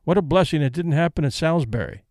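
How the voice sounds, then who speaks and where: A man voicing a brisk, stoic old woman who speaks in a crisp, decisive, matter-of-fact way. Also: fairly high pitch, expressive, a little mellow, dry recording, studio quality, natural voice. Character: older woman, brisk, stoic, practical invalid.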